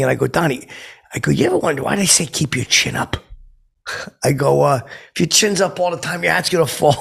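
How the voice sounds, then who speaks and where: Deeply gravelly and husky yet fairly bright, the voice is a man's heavily acted take on a boastful, clueless has-been comedian. In this improvised comic monologue he meanders through a story, tripping over his words and leaning on fillers and his own tired jokes.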